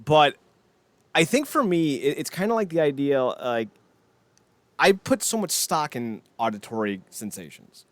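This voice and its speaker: Opinionated podcast guy with lively swings. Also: fairly high pitch, measured pace, no room sound. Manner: opinionated, rambling, jokey. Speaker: podcast co-host. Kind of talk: casual chat.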